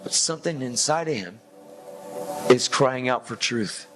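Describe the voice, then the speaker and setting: A man's voice: mid-range voice, animated, a little slow. Laid-back man telling his faith story over music. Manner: laid-back slangy talk with "like", "man" and "dude". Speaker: preacher giving a testimony. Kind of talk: casual testimony storytelling.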